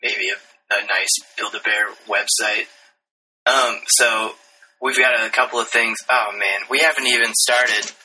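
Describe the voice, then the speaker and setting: A man's voice: lowish voice, fairly even intonation, unhurried, pushed and bright, faint music behind. A man co-hosting a casual podcast, joking and laughing often, with rambling restarts. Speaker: podcast co-host. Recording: distant mic, faint noise.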